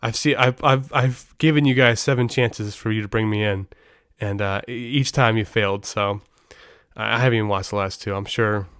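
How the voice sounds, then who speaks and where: A man's voice: on the low side, steady tone, moderate pace, a bit bright, clear, resonant tone, no echo. A man hosting a casual podcast, telling rambling, anecdotal stories over a close mic. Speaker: podcast host.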